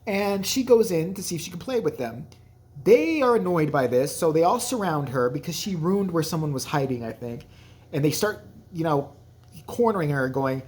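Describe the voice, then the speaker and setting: A man's voice: fairly high pitch, big pitch swings, moderate pace, darkish tone. Man hosting a movie review, crude rambling jokes, acts out scenes. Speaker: channel host, movie reviewer. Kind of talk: casual movie review vlog.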